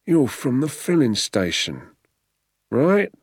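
A man's voice: mid-range voice, sing-song, takes it slowly, breathy edge, no room sound, clean studio sound, voice pushed up, full character voice. An audiobook reader voicing a hard, menacing male gamekeeper with a threatening, sneering manner. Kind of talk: audiobook character voice.

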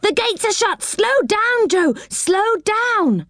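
A woman voicing an excitable small boy who pleads and cries out warnings in a storybook reading. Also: very high voice, unhurried, no echo, studio quality, voice pushed up. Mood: alarmed. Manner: squealing, pleading and alarmed.

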